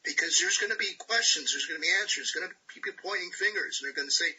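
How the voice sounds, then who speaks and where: A man rants with preachy conviction, punching his points with repeated tag questions. His voice is high for a man and very bright, with heavy rasp. It comes through a dull, lo-fi call line. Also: fast talker, hardly any pauses. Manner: preachy, repetitive "all right?" tag questions. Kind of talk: impassioned rant on a group call.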